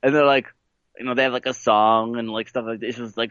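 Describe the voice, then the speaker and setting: A man's voice: medium pitch, fairly even intonation, fast, fairly bright tone, clear, resonant tone, dry recording, dull audio. A man co-hosting a podcast, telling a story in casual chat, rambling with lots of fillers and laughing. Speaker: podcast co-host.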